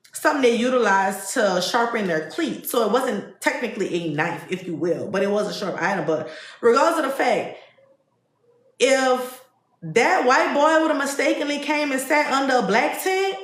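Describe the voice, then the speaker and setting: A woman's voice: a little high, reverberant. A woman hosting a podcast livestream, ranting bluntly and profanely about the news. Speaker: podcast host. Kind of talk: casual livestream commentary.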